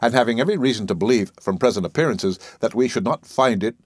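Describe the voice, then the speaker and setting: A man giving a steady, measured scripted narration of a classic novel as an audiobook reader. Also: mid-range voice, dry recording, clean studio sound.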